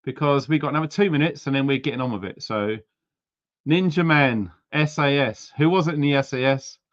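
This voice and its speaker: A man's voice: medium pitch, fairly quick, muffled recording. Chatty man hosting a livestream. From United Kingdom. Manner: chatty, reads viewer names and places aloud, frequent ums. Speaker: livestream host. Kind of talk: casual livestream chat.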